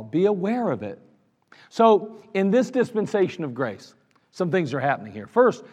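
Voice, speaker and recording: A man preaching a sermon as pastor, earnest and emphatic, repeating phrases for stress. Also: sits high. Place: church sanctuary. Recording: reverberant church sanctuary.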